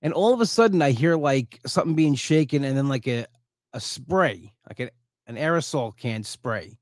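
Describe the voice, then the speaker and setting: A man's voice: medium pitch, lively intonation, moderate pace, dry recording, studio quality. A worn-out man hosting a casual solo podcast, telling a rambling story with restarts and perking up when he quotes people. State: exhausted, low on energy. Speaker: podcast host.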